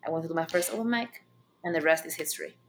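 A woman stand-up comedian and club owner with a non-native accent, answering interview questions bluntly and with animated storytelling. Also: sits low, fast talker. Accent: non-native English accent.

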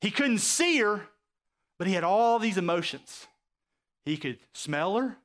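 High-voiced animated male preacher. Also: a little slow. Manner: animated preaching, acts out quoted voices, asks the audience questions. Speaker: pastor. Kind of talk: sermon.

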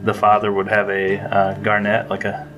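A man's voice: lowish voice, monotone, normal speed. A man chatting casually as a player in a tabletop game, with lots of fillers.

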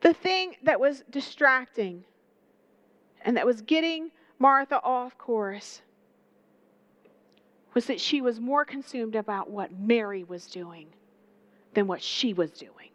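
High-voiced animated woman preacher. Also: slow pace, long pauses, no room sound. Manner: animated, conversational preaching with rhetorical questions. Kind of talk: sermon.

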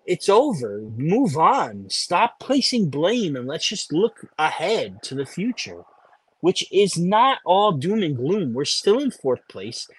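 A man's voice: fairly high pitch, breathy edge, no room sound. A man co-hosting a sports podcast, ranting in casual chat and repeating himself for emphasis. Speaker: podcast co-host.

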